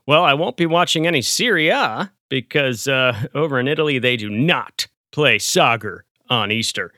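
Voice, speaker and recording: A man's voice: medium pitch, lively intonation, normal speed, pushed and bright, no echo, studio quality. A man from the United States co-hosting a podcast, giving wry, confident analysis. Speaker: podcast co-host.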